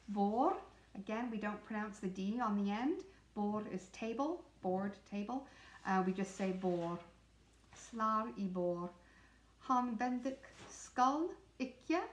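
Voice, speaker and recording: A woman teaching the pronunciation of song lyrics, reading lines slowly and then explaining the sounds in quick asides. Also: mid-range voice, a little hiss or hum. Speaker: singing pronunciation coach. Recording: echoey room.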